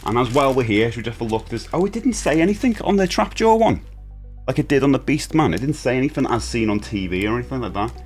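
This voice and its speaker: A man's voice: medium pitch, expressive, fast talker, faint music behind. A man, chatting casually and enthusiastically while unboxing a collectible toy, rambling with frequent restarts. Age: 40s.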